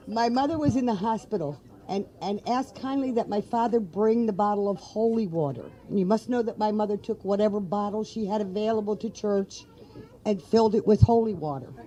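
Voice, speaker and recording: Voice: mid-range voice, normal speed, dark tone. A family member telling an anecdote at a funeral. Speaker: eulogy speaker, family member. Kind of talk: personal eulogy at a funeral. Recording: dull lo-fi recording.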